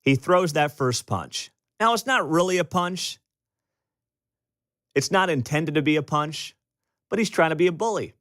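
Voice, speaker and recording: A man's voice: fairly high pitch, unhurried, no room sound. An American man hosting a talk radio show, delivering an emphatic, opinionated monologue. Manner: animated, emphatic, storytelling with acted-out quotes. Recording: dry studio mic.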